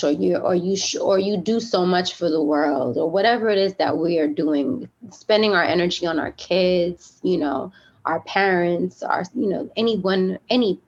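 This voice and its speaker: A woman's voice: on the low side, slightly rough, highs cut off. A woman guest on a podcast, talking candidly and with feeling, with lots of fillers. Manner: heartfelt, emphatic, many fillers.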